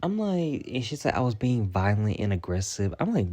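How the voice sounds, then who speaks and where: A man's voice: fairly low pitch, very animated, normal speed, darkish tone. A man ranting through a storytime vlog, profane and exasperated, firing off rhetorical questions. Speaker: storytime vlogger. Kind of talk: casual storytime rant.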